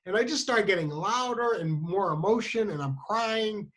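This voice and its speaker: Guy telling an awkward story on himself, kinda high bright voice, stumbles and restarts a lot. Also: lively intonation, poor audio. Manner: halting, with many restarts and fillers; self-mocking. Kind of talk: comic personal storytelling.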